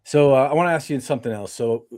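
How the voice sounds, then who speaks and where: Man, podcast host, chatty, lots of you-knows, mid-pitched voice, dry close sound. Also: quick pace, darkish tone, no echo. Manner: conversational, chatty, with frequent "you know" fillers. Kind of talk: podcast interview conversation.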